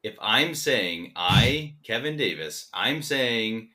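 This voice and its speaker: A man co-hosting a chat podcast, talking in an animated, emphatic rush that swings widely up and down in pitch. His voice is bright and sharp, and he stumbles over repeated words whenever he gets fired up. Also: slow pace, few pauses. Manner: repeats words when worked up. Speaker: podcast co-host. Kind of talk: casual chat.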